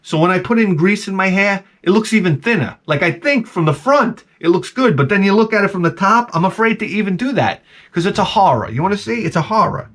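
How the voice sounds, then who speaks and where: Animated older man telling comic stories. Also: high-pitched, fairly quick, hardly any pauses. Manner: animated, profane, acts out his own reactions. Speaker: vlog host. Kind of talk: comic storytelling monologue.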